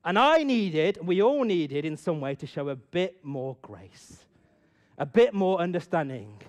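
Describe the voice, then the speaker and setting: A middle-aged man telling a personal story to an audience and drawing a lesson from it, swinging from loud bursts to hushed asides. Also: a little high, very animated, a little slow. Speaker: speaker addressing an audience. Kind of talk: storytelling talk with a moral.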